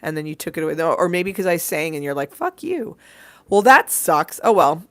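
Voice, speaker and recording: A woman with a low, hoarse voice chats loosely with her livestream viewers from a small room at home. She swears freely, jokes at her own expense and gushes affection at them. The sound is dry and close, with no room echo. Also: quick pace. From southern California. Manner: chatty, swearing, playful and affectionate. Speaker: livestream host. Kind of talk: casual livestream sign-off chat. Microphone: desk microphone.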